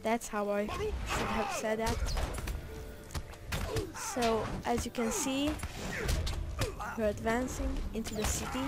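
Slow-talking playful woman gamer. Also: fairly high pitch, animated, over loud music. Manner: playful, rambling, joking asides to herself. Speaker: gameplay narrator. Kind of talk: casual gameplay commentary.

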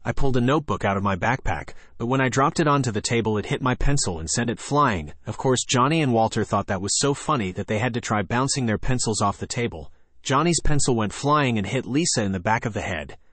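A man's voice: medium pitch, expressive, a little fast, a bit bright, no echo. A man narrating a children's chapter book in first person with playful storytelling. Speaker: audiobook narrator.

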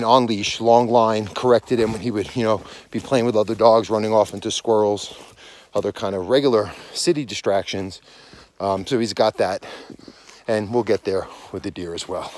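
Guy in his 40s out of breath walking his dog outside, lowish voice, rambly casual podcast talk. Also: a little mellow, slight background noise. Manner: rambling, self-correcting, conversational. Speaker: dog trainer and podcast host. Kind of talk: casual monologue while walking outdoors. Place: outdoors on a snowy mountain property at dusk.

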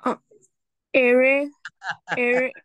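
A woman student answering haltingly in class. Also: sits high, level tone, smooth, no room sound.

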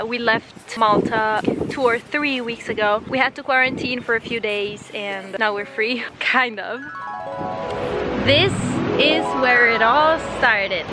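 A young woman from Italy talks casually to the camera in her travel vlog, chatty and quick to laugh. Her voice sits a little high, with background music running clearly under it. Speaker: vlogger.

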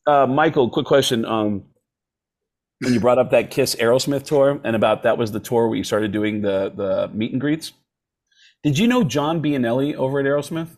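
A man's voice: mid-range voice, normal speed. A male comedian guest telling stories in a casual podcast chat and slipping into voices as he goes. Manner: animated storyteller who slips into voices.

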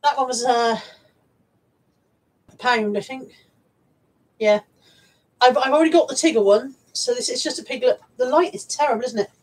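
Chatty husky woman with a Bristol accent. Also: sits high, normal speed, pauses often, poor audio. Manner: chatty, rambling, repeats words and restarts, reads out viewer comments. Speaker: vlogger showing a thrift haul. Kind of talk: casual live-stream chat.

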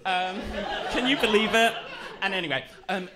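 A man's voice: sits high, normal speed, sharp tone. A young man with an English accent doing a camp, self-deprecating stand-up set, giggling between jokes. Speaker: stand-up comedian. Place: comedy club stage. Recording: live club audio with audience noise. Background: audience laughter.

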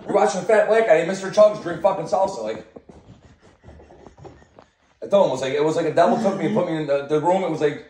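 A man's voice: a little high, a little mellow. A man telling a casual, profane rant about the people he lives and works with, acting out what they say. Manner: profane, quick, acts out quoted people. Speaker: storyteller. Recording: echoey room, mic at a distance, faint noise.

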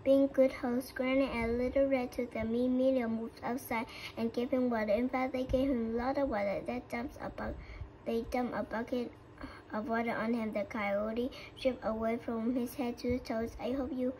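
A woman with a Vietnamese accent reads a children's story aloud. Her voice sits a little high, and her reading halts with frequent slips and restarts. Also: steady tone, moderate pace, a little mellow, slight background noise, poor audio. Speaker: storybook reader.

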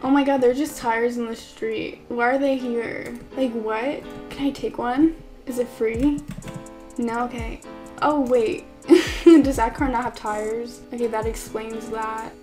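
A young woman, a gaming YouTuber, plays a game for the first time, giving casual, confused commentary full of exclamations. Her voice is a little high and darkish, steady and unhurried. Background music sits clearly beneath her voice.

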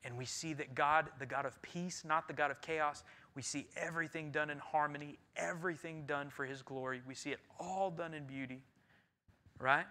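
Male pastor, bright tense voice a bit high for a man, preaching, swings loud to hushed. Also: fairly even intonation, normal speed. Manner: swings from loud emphatic preaching to quiet earnest talk. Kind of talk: sermon. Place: church sanctuary.

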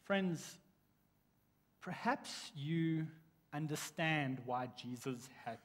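A man preaching a sermon in a church, telling stories in a lively way with frequent restarts. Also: fairly high pitch, very slow. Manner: animated storytelling with restarts. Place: church sanctuary. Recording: long church hall reverb.

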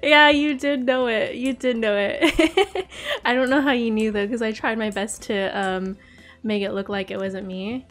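Young female game streamer, high voice, unhurried delivery, gasps and giggles often, faint music underneath. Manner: excitable, gasping and giggling often. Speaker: gaming channel host. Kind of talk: live game commentary.

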